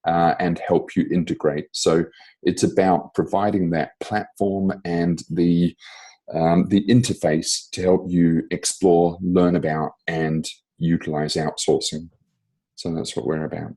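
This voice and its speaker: A man, a company founder answering interview questions in a relaxed way. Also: low-pitched, a little slow, slightly rough. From born in the UK, raised in New Zealand. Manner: relaxed, hedging with "uh" and "sort of".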